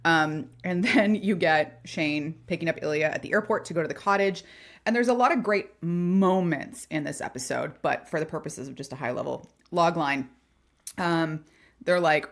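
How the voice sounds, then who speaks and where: A woman's voice: lowish voice, moderate pace. A woman co-hosting a podcast, chatting casually and animatedly about a TV episode, often laughing and acting out quotes. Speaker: podcast co-host. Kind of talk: casual chat recapping a TV episode.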